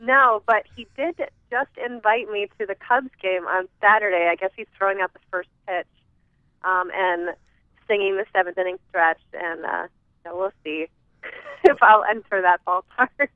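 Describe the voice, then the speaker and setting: A woman's voice: mid-range voice, moderate pace, dry recording. A woman from the American Midwest chats as a guest over the phone, giggling and trailing off with fillers. Her voice comes through a dry, tinny phone line. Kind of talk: casual interview chat.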